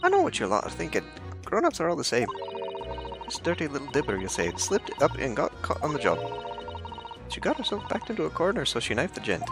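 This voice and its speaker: A man's voice: on the high side, wildly swooping pitch, brisk, gravelly, pitched above the performer's own voice, exaggerated voice. A man voicing a cocky young street pickpocket girl with a Cockney accent and cheeky slang, reading game dialogue aloud. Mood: defiant. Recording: game music playing underneath.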